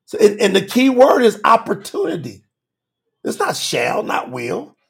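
High, gravelly shouting preacher man. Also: huge pitch swings, measured pace. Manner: emphatic, swings between shouting and low asides. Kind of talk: sermon.

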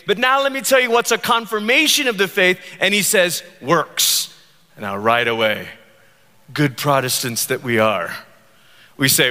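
A man preaching a sermon, animated and jokey, slipping into voices for the people he quotes. His voice sits high and bright. It rings out with the long reverb of a large hall. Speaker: pastor.

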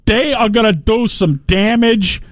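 A man playing a high, brash Philly sports-radio bro. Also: unhurried, no room sound, clean studio sound. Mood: boisterous. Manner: boisterous, shouting, trash-talking. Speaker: comedy radio co-host. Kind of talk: comedic character sketch.

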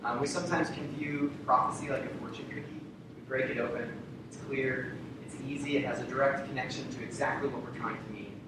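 A man's voice: fairly even intonation, a little fast. A man preaching a sermon to a congregation, repeating key phrases for emphasis and asking rhetorical questions. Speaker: pastor. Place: church sanctuary. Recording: very echoey hall, distant mic, rumble.

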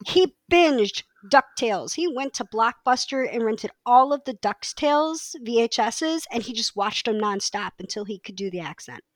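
Woman co-host, casual and eager, higher voice, dry booth sound. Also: normal speed, hardly any pauses, dry recording. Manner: chatty, enthusiastic, restarts often. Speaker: podcast co-host. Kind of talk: casual chat.

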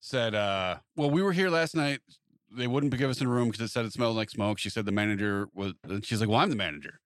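Man, casual storyteller, talks fast, dry close mic. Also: on the low side, smooth, dry recording. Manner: animated anecdote-telling, acts out quoted exchanges. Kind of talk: casual chat.

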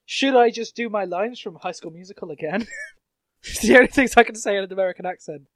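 A man's voice: sits high, fast, a bit bright, no echo. Playful man hosting a podcast, dry sound. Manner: joking, laughs often. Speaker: podcast host. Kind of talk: casual chat.

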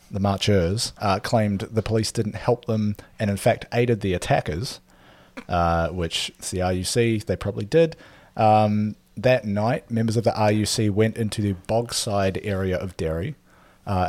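A man casually talking through a history topic on a podcast, with lots of ums and quick laughs. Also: on the low side, a little mellow, dry recording. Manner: rambling, filler-heavy, laughs often. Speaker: podcast co-host presenting history.

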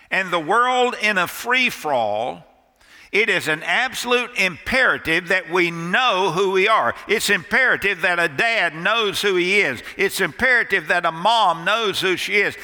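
A man pastor delivers his sermon in a high, bright, forceful voice. He speaks slowly and drives home each point with emphatic repetition. His voice carries a long reverb from a church sanctuary. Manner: emphatic, repeating phrases for stress.

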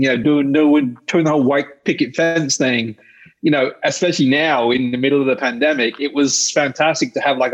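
A middle-aged man, a guest chatting in a relaxed, rambling way with small restarts. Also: mid-range voice, dull audio. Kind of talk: casual conversation.

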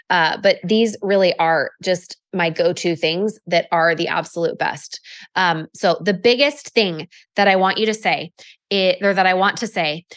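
A woman with a slightly low voice talks through sales coaching in an easy, chatty way. She leans on fillers and restarts and slips into little acted-out customer conversations as she goes. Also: fairly bright tone. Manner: acts out customer dialogue in quotes. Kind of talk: casual coaching monologue.

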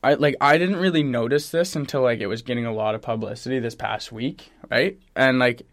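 A man's voice: medium pitch, brisk, fairly bright tone. A man co-hosting a casual sports podcast, rambling with frequent swearing and restarts. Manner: rambling, swears often, self-interrupting. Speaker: podcast co-host. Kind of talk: casual chat.

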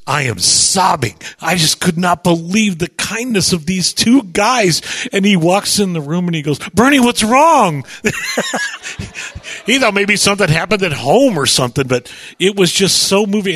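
A man hosting a radio show, chatty and animated as he tells stories, often stumbling over repeated words and slipping into voices. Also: fairly high pitch. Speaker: radio host. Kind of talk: animated on-air storytelling. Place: radio studio.

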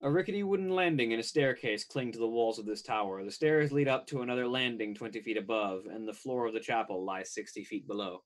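A man running a tabletop game as game master, reading scene descriptions in a halting way with frequent ums and uhs. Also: mid-range voice.

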